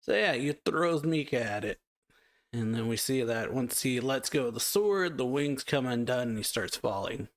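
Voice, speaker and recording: A man's voice: mid-range voice, lively intonation, moderate pace. A man hosting a reaction channel, loosely retelling a comic chapter with plenty of fillers and reading character lines aloud in a slightly raised voice. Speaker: manga reaction channel host. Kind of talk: casual chapter recap.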